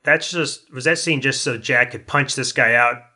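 A man's voice: medium pitch, normal speed, bright, forceful tone. A man chatting casually as a podcast panelist, rambling with many restarts. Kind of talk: casual chat.

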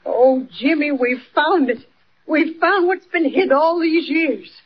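Fretful folksy old aunt. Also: female voice, high-pitched, takes it slowly, slight background noise. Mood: tearful joy. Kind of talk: 1940s radio acting. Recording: dull old radio recording.

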